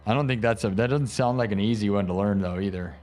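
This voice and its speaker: A man's voice: on the low side, quick pace, darkish tone, faint music behind. A man hosting a live stream, chatting casually and rambling with lots of "like" and "dude.". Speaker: live-stream host and improv musician. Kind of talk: casual chat.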